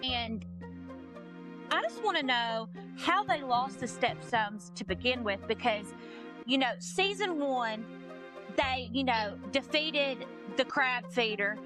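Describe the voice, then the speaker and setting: A woman's voice: high voice, animated, takes it slowly, over music. A woman co-hosting a podcast, recapping episodes in a rambling, casual way full of "like" and "you know.". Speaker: podcast co-host. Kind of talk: casual chat.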